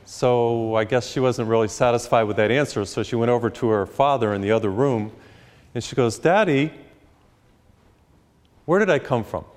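Male priest, live sermon, jokey storyteller, mid pitch, long hall reverb. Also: steady tone, a little fast, darkish tone, clear, resonant tone. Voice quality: storytelling, acts out characters with pitch jumps. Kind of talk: sermon with humorous stories. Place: church retreat, live.

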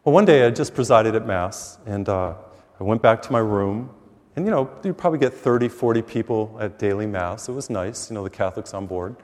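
A man who is a priest, giving a sermon and telling stories, acting out the dialogue with lively energy. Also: fairly low pitch, fairly quick. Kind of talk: sermon with storytelling. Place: church, taped for TV. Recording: long reverb of a church hall.

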